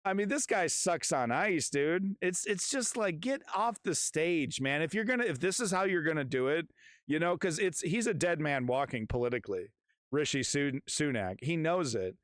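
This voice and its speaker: A man's voice: a little high, expressive, moderate pace, fairly bright tone, dry recording. A man hosting a livestream, reacting in casual, rambling, profane commentary from his garage. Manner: rambling, swearing, restarts, laughing along. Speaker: livestream host.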